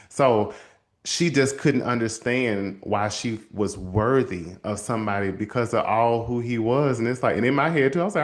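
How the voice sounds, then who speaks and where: A man hosting a show and telling a story from his counseling work in a lively, casual way, calling his listeners y'all. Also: medium pitch. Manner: animated, addresses listeners as y'all, acts out quotes. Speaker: host and counselor.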